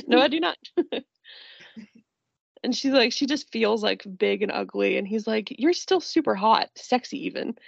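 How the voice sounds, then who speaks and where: Woman, casual podcast co-host, higher husky voice, giggly, dry lo-fi sound. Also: lively intonation, takes it slowly, pauses often, no room sound. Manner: giggly, quotes lines in character voices. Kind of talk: casual chat about a movie.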